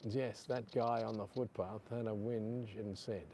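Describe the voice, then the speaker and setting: A man's voice: lowish voice, steady tone, a little slow, mellow, slight background noise. A middle-aged Australian man chatting casually on a live stream, reading out viewer comments, with a lapel mic clipped to his chest. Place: outdoors on a beach.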